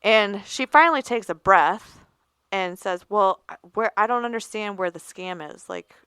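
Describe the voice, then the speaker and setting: A woman co-hosting a podcast, chatting casually and telling animated stories, acting out the voices of callers. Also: medium pitch, normal speed, smooth, no room sound. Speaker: podcast co-host. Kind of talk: casual chat.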